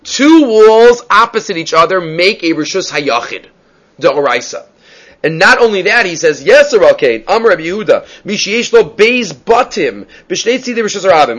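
A man's voice: sits high, very animated, normal speed, a bit bright, highs cut off. A man teaching a Talmud class, reading passages aloud and explaining them step by step, often asking questions and answering them himself.

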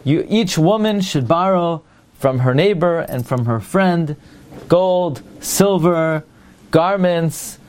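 A man teaching a Torah class. He asks rhetorical questions and pauses with fillers while he looks for the next word. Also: on the high side, animated, darkish tone.

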